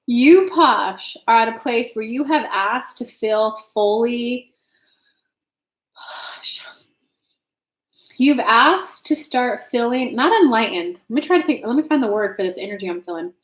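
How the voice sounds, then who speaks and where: A woman's voice: fairly high pitch, animated, measured pace, pauses often. Chatty tarot-reading woman in an echoey room. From United States. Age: young adult. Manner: chatty, reads comments aloud, swears casually. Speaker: tarot reader and channel host. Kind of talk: casual live-stream tarot reading.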